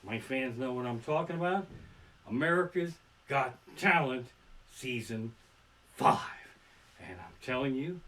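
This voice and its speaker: A male stand-up comedian from Pennsylvania tells rambling, profane stories on a home live stream from his living room and often bursts into shouted punchlines. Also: medium pitch, recorded from a distance. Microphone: simple home streaming setup.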